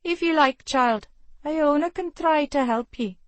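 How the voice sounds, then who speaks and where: A woman's voice: high-pitched, a little slow, no echo, voice pushed up. A woman voicing a proud, teasing older duchess with a Scottish accent, reading an audiobook. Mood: sly. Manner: sly, mocking.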